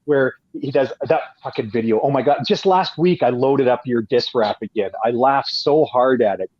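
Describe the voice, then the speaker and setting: A man's voice: mid-range voice, moderate pace, no room sound, lo-fi sound. A man from Canada, a guest telling long profane stories in casual chat, with many restarts. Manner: profane, rambling, frequent restarts.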